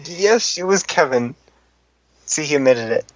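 A man's voice: on the high side, expressive, no echo. Joking man, dull lo-fi audio. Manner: joking, exasperated, quick asides. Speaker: podcast co-host. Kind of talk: casual chat, reading listener comments.

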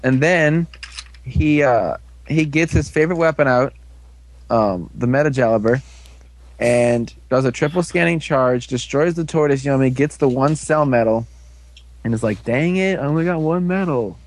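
A man's voice: medium pitch, measured pace, no echo. A man casually recapping an episode as a podcast co-host, rambling with lots of fillers. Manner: rambling, filler-heavy storytelling.

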